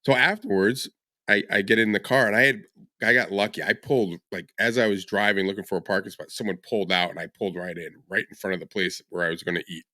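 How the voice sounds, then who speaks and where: A man co-hosts a podcast in a dry, close recording, telling a story in a lower-pitched voice. He acts out the people in it and keeps breaking into laughter as he goes. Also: fast talker, dry recording. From northern United States. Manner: animated storyteller who acts out quoted people and laughs often. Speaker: podcast co-host. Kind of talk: casual storytelling chat.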